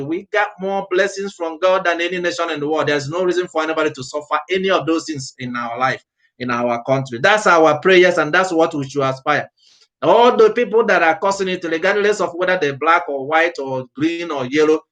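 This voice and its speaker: A man preaching a passionate sermon with an accent, exhorting his listeners and admitting he often speaks fast. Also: on the high side, fairly bright tone. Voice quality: non-native-sounding accent, unnamed. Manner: fervent, exhorting, speaks fast by own account. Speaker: prophet preaching. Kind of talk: impassioned sermon.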